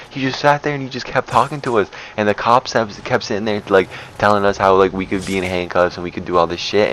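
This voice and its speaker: A man's voice: low-pitched, a bit bright, a little hiss or hum, rough recording. A young man telling a rambling, profane story in a casual storytime with lots of fillers. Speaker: storyteller vlogger.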